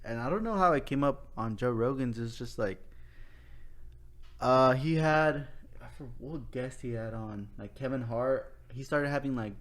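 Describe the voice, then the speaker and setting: A man's voice: medium pitch, moderate pace. Young man telling a rowdy story. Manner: animated, profane, quotes people in funny voices. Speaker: podcast guest. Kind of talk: casual storytelling chat.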